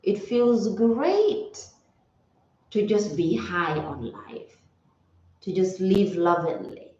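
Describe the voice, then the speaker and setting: A woman wellness coach talks slowly and reflectively, circling back to repeat her key phrases. Her voice sits at a middle pitch. The recording sounds roomy and slightly dull. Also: sing-song, a little mellow. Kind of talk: casual motivational talk.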